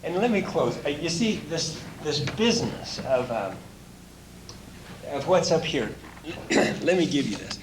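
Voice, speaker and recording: A man's voice: on the high side, sing-song, a little slow. A man who works as a motivational speaker and coach, telling anecdotes in a folksy way and chuckling now and then. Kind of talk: anecdotal storytelling talk. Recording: roomy echo with faint hiss.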